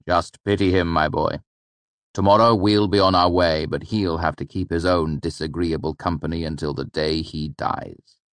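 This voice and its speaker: A wry, easygoing troupe father, put on by a male audiobook narrator. He speaks in a gently teasing way, set a little above the narrator's deep voice, in a dry recording. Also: steady tone, normal speed, no room sound.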